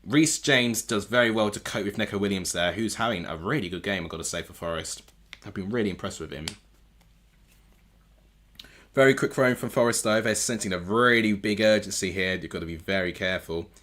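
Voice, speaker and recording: A man's voice: lowish voice, fast, a bit bright. A man streaming a live football watchalong from home, reacting to the match and often correcting himself aloud as he goes. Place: home room with TV.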